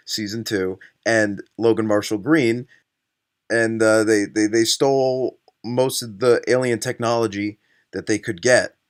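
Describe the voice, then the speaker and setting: A man's voice: fairly low pitch, a bit bright. A young man giving a comedic movie-review rant, sarcastic, profane and exasperated. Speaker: film reviewer.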